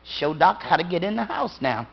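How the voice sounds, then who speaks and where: A woman voicing a stern, grieving father who speaks low, hushed and firm. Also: big pitch swings, normal speed, creaky, slightly rough, dull audio, full character voice.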